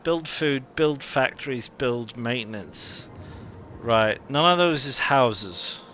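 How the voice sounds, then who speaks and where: A man's voice: medium pitch, expressive, slow pace, a bit bright, slight background noise. A man with a New Zealand accent casually commentating a strategy game, thinking aloud with lots of ums. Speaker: gaming channel host.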